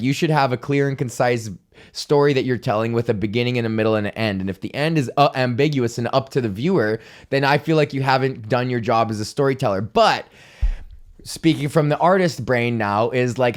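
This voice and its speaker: A young man hosting his own comedy podcast, ranting casually, swearing a lot and laughing at his own jokes. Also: mid-range voice. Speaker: podcast host.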